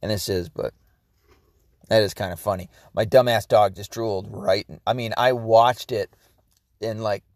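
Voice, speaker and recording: A man's voice: fairly low pitch, steady tone, normal speed, no echo. Profane ranting man, dry sound. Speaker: podcast host. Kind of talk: casual solo monologue.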